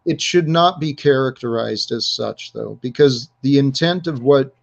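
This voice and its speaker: A man hosting a casual panel discussion, speaking in a searching, halting way. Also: mid-range voice, gravelly, lo-fi sound. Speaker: host.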